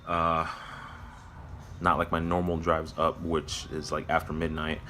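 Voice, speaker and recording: A man with a very low, bright-edged voice gives a somber personal vlog update, halting and reflective, full of fillers and restarts. He talks from his workplace, with faint noise behind him. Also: completely flat delivery. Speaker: vlogger. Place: at his workplace near closing time.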